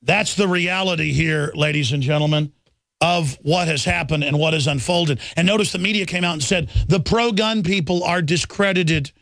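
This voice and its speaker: A man's voice: on the high side, moderate pace, a bit bright, no echo, clean studio sound. A man, hosting a talk radio show in a combative, taunting rant.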